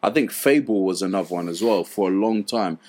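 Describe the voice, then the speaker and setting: A British man co-hosting a podcast, chatting in a relaxed way and now and then putting on mock voices. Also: deep voice, fairly quick. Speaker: podcast co-host. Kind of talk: casual chat.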